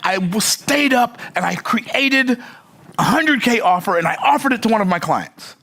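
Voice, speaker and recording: A man voicing an excitable male Australian business client in a put-on Australian accent, eager and stammering. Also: high voice, moderate pace, pitched above the performer's own voice, exaggerated voice. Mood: excited.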